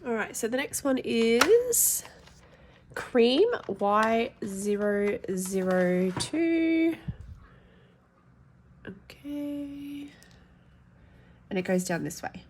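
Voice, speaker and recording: A woman's voice: on the high side, sing-song, drawn-out words, long pauses, slight background noise. A woman with a stuffy, nasal voice from hay fever, chatting frankly as she swatches pencils for her colouring vlog. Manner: chatty, frank, thinking aloud. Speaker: adult colouring YouTuber. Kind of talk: casual swatch-testing vlog.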